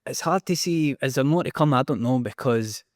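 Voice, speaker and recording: A man with a Scottish accent, a band member, talking in a relaxed, easygoing way in an interview. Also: mid-range voice, brisk, dry recording, studio quality. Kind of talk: casual interview.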